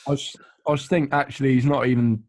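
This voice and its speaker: Young male co-host, earnest rambling pundit type, medium pitch. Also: steady tone, fast, a little mellow. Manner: earnest, explains at length with fillers. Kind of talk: casual football chat.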